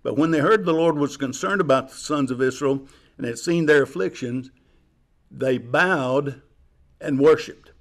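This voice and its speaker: A man preaching a chapel sermon in a measured way, explaining slowly with pauses. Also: medium pitch. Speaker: chapel speaker.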